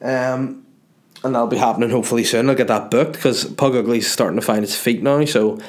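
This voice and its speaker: A man's voice: medium pitch, steady tone, brisk. A young man with a Northern Irish accent, a comedian chatting loosely and jokingly as he reads out viewer messages. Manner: loose and jokey, swearing, reads messages aloud. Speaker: comedian answering viewer questions. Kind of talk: casual chat.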